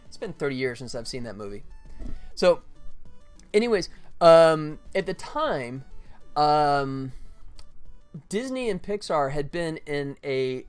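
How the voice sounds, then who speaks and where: Middle-aged man, slightly high voice, chatty rambling storyteller, faint music behind. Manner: rambling, many fillers and "right?" asides. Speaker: game developer streaming his work. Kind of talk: casual storytelling on a livestream.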